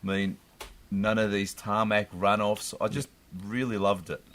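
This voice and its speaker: Aussie bloke cohosting a podcast, bit low, laughs a lot, really into it. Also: male voice, level tone, measured pace, a bit bright. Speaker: podcast co-host. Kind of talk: casual chat.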